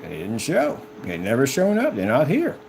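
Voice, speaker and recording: Man ranting with a lively, swooping pitch. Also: moderate pace, gravelly, slight background noise. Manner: repetitive, confrontational and mocking. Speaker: business owner. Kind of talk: ranting to the camera.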